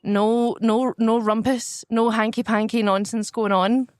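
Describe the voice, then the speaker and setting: Stephanie is a bossy small-town investigator who rambles through her own metaphors and keeps insisting she has everything under control, as a woman plays her. Her voice sits a little high and is recorded dry and close, the sound of a comedy podcast. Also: fairly even intonation, unhurried, a little mellow, no echo, natural voice. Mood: insistent. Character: brash woman sleuth pining for an old flame. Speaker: podcast host in character. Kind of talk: improvised comedy role-play.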